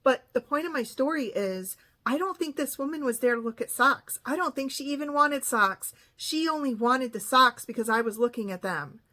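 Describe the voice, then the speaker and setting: A woman's voice: high-pitched, lively intonation, normal speed, hardly any pauses, pushed and bright. Chatty, exasperated woman in her fifties. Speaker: vlogger. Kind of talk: casual storytelling monologue.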